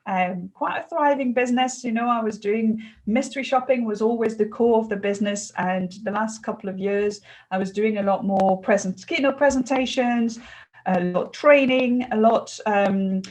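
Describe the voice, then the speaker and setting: Interview guest: middle-aged French-accented woman, fairly high-pitched, earnest and animated. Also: normal speed, rough recording. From France. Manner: earnest, animated, laughs between phrases. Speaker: guest, customer experience consultant. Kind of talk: interview conversation.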